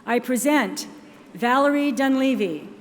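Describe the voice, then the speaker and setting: A woman announcing names and degrees at a ceremony in a measured, formal manner. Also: high-pitched, background noise. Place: large ceremony hall. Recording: long hall reverb, faint ambience.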